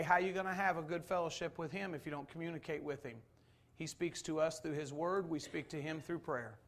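A man in his forties preaches in a church with a noticeably high voice. He presses his points earnestly and drives them home with repeated rhetorical questions. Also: a bit bright. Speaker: pastor. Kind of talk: sermon.

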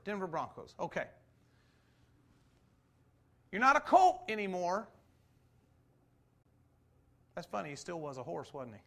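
A man preaching a conversational sermon, full of rhetorical questions, swinging between loud emphasis and slow, quiet stresses. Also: high-pitched. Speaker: pastor.

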